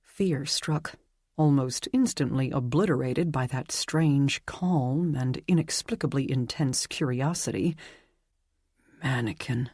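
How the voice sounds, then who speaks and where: A mid-range voice with a breathy, husky edge narrates an audiobook slowly and evenly. The recording is dry and close, with no room sound.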